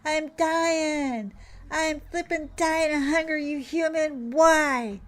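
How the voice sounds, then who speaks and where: A woman voicing a sassy, hungry female house cat with a high, whiny, dramatic complaint. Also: steady tone, slow.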